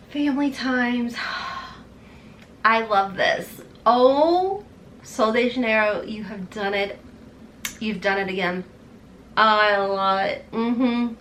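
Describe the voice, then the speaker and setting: A woman, gushing through an unboxing vlog, chatty, excitable and overtired. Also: fairly high pitch, a little hiss or hum. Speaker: beauty vlogger.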